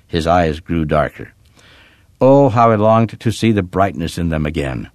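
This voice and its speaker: A man narrating a short story in an expressive reading. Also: low-pitched, unhurried, no echo, studio quality.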